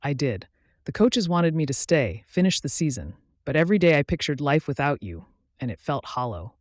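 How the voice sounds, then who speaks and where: A man's voice: very animated, normal speed, dry recording, studio quality. A man reading an earnest young ex-athlete in love. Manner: low, earnest and tender. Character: young male ex-football player, devoted and earnest.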